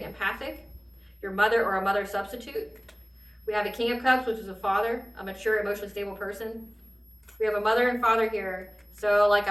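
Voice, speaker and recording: Bright-voiced woman giving a tarot reading. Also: medium pitch, reverberant, distant mic, low-quality recording. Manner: animated, swears freely, laughs often. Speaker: tarot reader.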